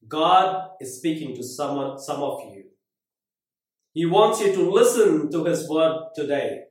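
A male preacher telling a story in a sermon, dramatic and swinging from loud to very quiet. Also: mid-range voice. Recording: very echoey room.

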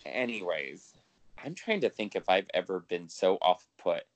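A man's voice: low-pitched, expressive, moderate pace, no echo. A man co-hosting a podcast in casual chat, talking freely with lots of swearing and laughter. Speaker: podcast co-host.

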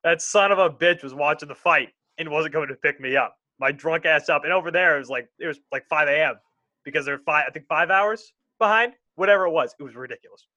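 Young guy on a sports podcast, bright voice, dry close sound, kinda rambly. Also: fairly high pitch, quick pace, no echo, muffled recording. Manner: rambling, animated, self-interrupting. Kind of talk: casual sports chat.

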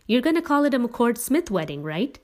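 A woman's voice: a little high, big pitch swings, fairly quick, voice pushed up. A woman voicing a wry, pedantic teenage boy who enjoys teasing his father in a family story. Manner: teasing, amused.

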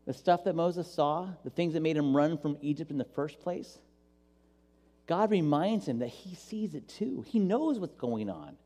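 A male pastor giving an animated, playful sermon and acting out voices, recorded with long hall reverb. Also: on the high side, unhurried.

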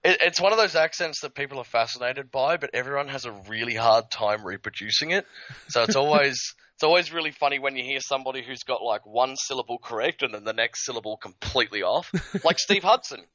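A man's voice: mid-range voice, lively intonation, fast talker, bright, forceful tone, no room sound, lo-fi sound. A man with an Australian accent, a podcast guest chatting casually in a jokey, playful way.

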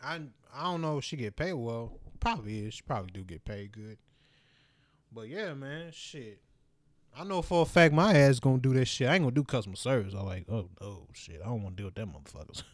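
A man talks alone on his own podcast, rambling from one thought to the next with plenty of swearing and laughter. His voice sits at an ordinary middle pitch. It is recorded close up in a dry, deadened room. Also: expressive, brisk, dry recording. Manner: rambling, profane, laughs often. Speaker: podcast host. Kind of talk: casual solo podcast monologue.

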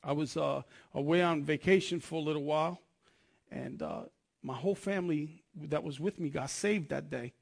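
A man's voice: a little high, moderate pace, gravelly. A man preaching a sermon, telling his testimony in an earnest, conversational way and often restarting his sentences.

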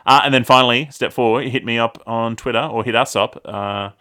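A man's voice: medium pitch, steady tone, normal speed, pushed and bright, smooth. A man with an Australian accent co-hosting a podcast, chatting casually, laughing often and stumbling over words. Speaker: podcast co-host.

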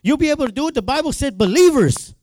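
A man preaching with an unusually high voice for a man. He talks in a loose, colloquial way and stumbles over repeated words as his excitement builds. A faint hiss sits under the recording. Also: quick pace. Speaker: minister. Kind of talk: sermon.

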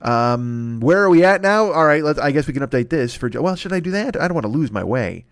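A man's voice: a little high, big pitch swings, brisk, no echo, clean studio sound. A man in his forties hosting a solo podcast, rambling through profane, self-mocking comic riffs. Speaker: podcast host. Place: at home.

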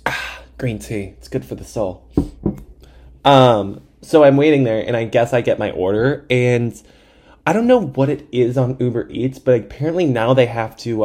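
Podcast host in his twenties, animated comic storyteller with a mellow voice, mocks himself and swears freely. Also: medium pitch. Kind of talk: comedic storytelling monologue.

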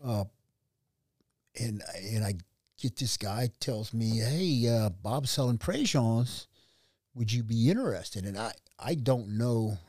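A middle-aged man, a restaurant owner who tells his story in an animated way and acts out the voices of other people. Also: mid-range voice, slow pace, no echo, clean studio sound. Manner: animated, acts out quoted dialogue. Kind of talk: conversational storytelling.

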